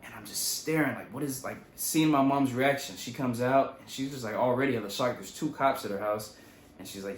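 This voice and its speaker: A young man casually retelling his own story in a loose, profane, animated way. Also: medium pitch, fairly quick, reverberant, slight background noise. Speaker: vlogger.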